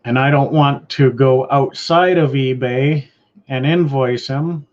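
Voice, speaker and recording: Canadian male host, unhurried and rambling, mid-pitched voice, muffled lo-fi recording. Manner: rambling, laid-back, trails off and restarts. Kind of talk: casual live-stream chat. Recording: dull lo-fi stream audio.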